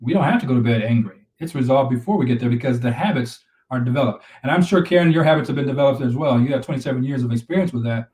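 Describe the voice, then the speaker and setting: A man's voice: medium pitch, rapid-fire, few pauses, darkish tone, far from the mic. Man, relationship coach on a live stream, earnest and repetitive, recorded a little off-mic in a roomy space. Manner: earnest, repeats himself, advice-giving.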